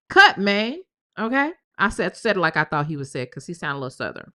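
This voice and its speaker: A woman's voice: mid-range voice, lively intonation, moderate pace, sharp tone. A woman streamer giving sassy, mocking commentary while reading out text messages on a live stream. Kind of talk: casual gossip commentary.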